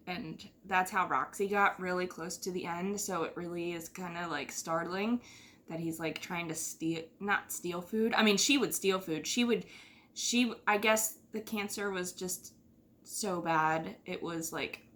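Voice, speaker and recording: A chatty middle-aged woman from the United States talks casually as a podcast host. Her voice is bright and forward, and she rambles through fillers and little sighs. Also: fairly low pitch, moderate pace. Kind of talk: casual chat.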